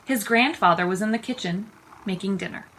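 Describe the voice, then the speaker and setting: Bright-voiced woman reading a storybook aloud. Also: mid-range voice, fairly quick, husky, poor audio.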